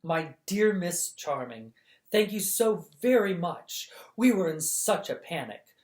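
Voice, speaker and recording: A storyteller voicing a brisk, commanding princess who gives orders in a gracious way, in a storybook reading. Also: mid-range voice, sing-song, echoey room.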